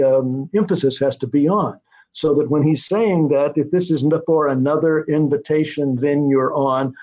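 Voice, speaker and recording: An older male screenwriter recalling his work in a relaxed interview, rambling with many fillers and restarts. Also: a little high. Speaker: screenwriter and producer guest. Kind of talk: conversational interview storytelling. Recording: muffled lo-fi audio.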